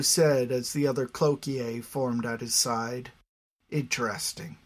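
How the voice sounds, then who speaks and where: Slow, measured male narrator. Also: medium pitch. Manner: measured, even storytelling. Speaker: audiobook narrator. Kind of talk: scripted fantasy narration.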